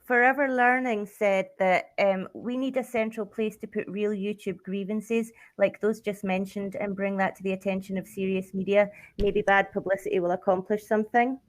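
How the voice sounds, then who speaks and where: A woman's voice: medium pitch, steady tone, normal speed, hardly any pauses. A woman co-hosting a casual livestream, reading out chat comments in an easygoing way.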